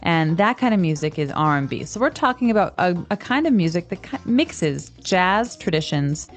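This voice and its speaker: A woman's voice: fairly low pitch, very animated, moderate pace. An American woman co-hosting a language lesson, chatting casually and explaining ideas, sometimes sounding things out. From United States. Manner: explanatory, demonstrates sounds aloud. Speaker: co-host.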